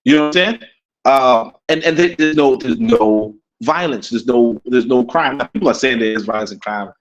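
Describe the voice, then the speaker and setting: A Caribbean-born man co-hosting a casual talk show, rambling and animated, with many restarts and laughs. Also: medium pitch, moderate pace, muffled recording. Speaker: podcast co-host. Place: in Africa.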